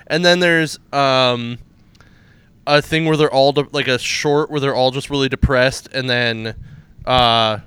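A man's voice: medium pitch, fairly bright tone, clean tone, no room sound. A man co-hosting a casual comic book chat, rambling through plot retellings and laughing at his own jokes. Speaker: podcast co-host reviewing comics.

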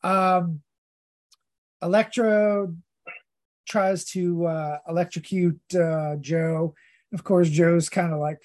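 Slow, rambling podcast host. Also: mid-range voice, a little mellow. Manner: rambling, hesitant, many fillers. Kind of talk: casual recap of a comic story.

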